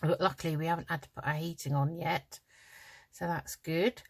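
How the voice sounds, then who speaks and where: Older british lady, low voice, rambly crafting chat, kinda sleepy. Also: fairly even intonation, normal speed, vocal fry. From United Kingdom. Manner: chatty and rambling, with many ums. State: yawning, tired. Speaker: craft vlogger. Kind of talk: casual chat while crafting.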